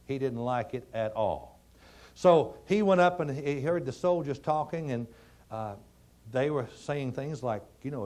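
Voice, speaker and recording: A man giving a motivational speech, telling stories in a folksy, dramatic way that swings between quiet and emphatic. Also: on the high side, sing-song, normal speed. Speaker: motivational speaker.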